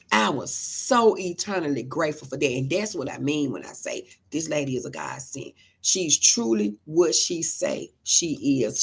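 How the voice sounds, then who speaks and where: A woman's voice: low-pitched, gravelly, slightly rough. A middle-aged woman hosting a casual livestream, telling heartfelt stories and reading viewer comments aloud. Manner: emotional, heartfelt storytelling. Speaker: livestream host.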